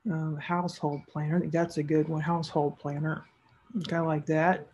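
A woman's voice: low-pitched, flat delivery, fairly quick, darkish tone, breathy edge, lo-fi sound. A woman narrating a screen-recorded tutorial as an online seller, casual and thinking aloud as she clicks through each step.

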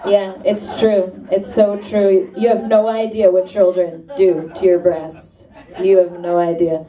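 A woman in her thirties performs a stand-up set on a club stage, lively and confiding with the crowd. Her voice is mellow and soft-edged rather than bright. The mic sits a little far from her, so she sounds distant in the room with audience laughter. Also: mid-range voice, a little slow. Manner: animated, puts on voices for quoted exchanges. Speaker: stand-up comedian.

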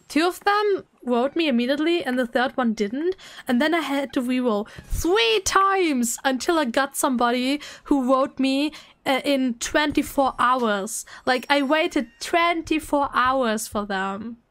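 A woman with a very high, bright-pitched voice hosts a live stream, talking slowly and playfully to her chat. She keeps dissolving into giggles and plays things up with mock drama. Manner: giggly, breaks into laughter often.

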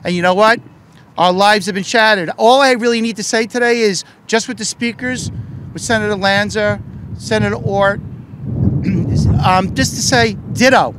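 A middle-aged man, a politician and union leader, giving an impassioned speech at a press event, shouting with fervor and firing off rhetorical questions. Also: high voice, measured pace, a little hiss or hum.

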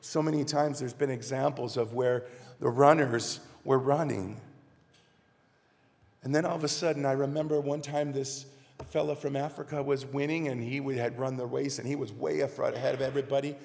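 Gravelly man preaching in a church. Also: medium pitch, fairly even intonation, normal speed, darkish tone. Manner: earnest, heartfelt, addresses congregation directly. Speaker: minister. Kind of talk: sermon. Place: church sanctuary. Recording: reverberant church live stream.

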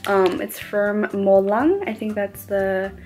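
A young woman, a college student, chatting casually as she unboxes blind boxes and gushes excitedly over how cute everything is. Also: mid-range voice, slow, background noise. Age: young adult. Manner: gushing, excitable, squeals over cute things. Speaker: unboxing vlogger. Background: background music.

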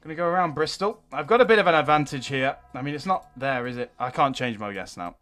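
A young man talking at a quick pace in a medium-pitched voice gives excitable, live play-by-play as a gaming YouTuber. When things go badly, he swears and cries out.

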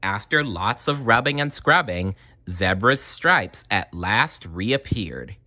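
Guy reading a kids picture book, animated, bright tone, little asides. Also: fairly low pitch, slow pace, no room sound. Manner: animated, adds short asides. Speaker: storyteller. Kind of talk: reading a children's storybook aloud.

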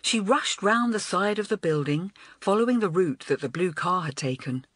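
A woman narrating a children's storybook in an expressive, animated way. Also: on the low side, moderate pace, dry recording. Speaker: audiobook narrator.

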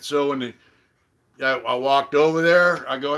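A middle-aged man hosting a casual live-stream chat, telling a profane story and loudly acting out what others said. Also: a little high, normal speed. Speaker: channel host.

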